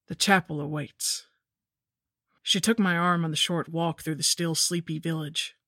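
A woman narrating a scripted horror story in a measured, somber way. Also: deep voice, fairly even intonation, fairly bright tone, no room sound, clean studio sound.

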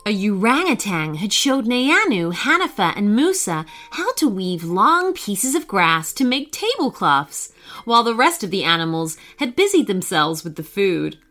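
A woman reading a children's story aloud, expressive, giving voices to each character. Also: medium pitch, measured pace, faint music behind.

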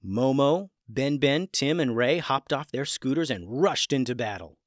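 A podcast storyteller narrating a children's adventure in an expressive read-aloud. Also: mid-range voice, unhurried, no echo, studio quality.

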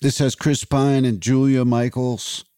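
Man, co-host, deadpan jokes, casual banter, dry mic. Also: mid-range voice, measured pace, clean tone, no room sound. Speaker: podcast co-host.

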